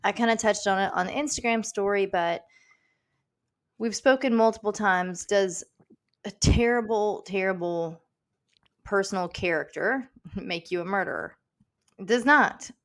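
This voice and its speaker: A woman's voice: medium pitch, unhurried. Wry woman podcast co-host. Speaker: podcast co-host, true-crime reader. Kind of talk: casual true-crime podcast banter.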